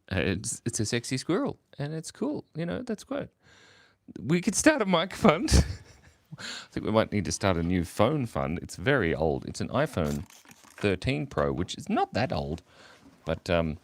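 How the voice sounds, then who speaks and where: A man's voice: low voice, huge pitch swings, moderate pace. A man, chatting goofily while drawing on a livestream and reading out chat messages. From Australia. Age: 40s. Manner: goofy, rambling, reads chat aloud, laughs often. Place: home, early morning.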